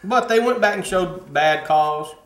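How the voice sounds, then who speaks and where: A man co-hosting a casual chat show, talking in a relaxed way with quick asides. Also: high-pitched, roomy sound. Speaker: co-host.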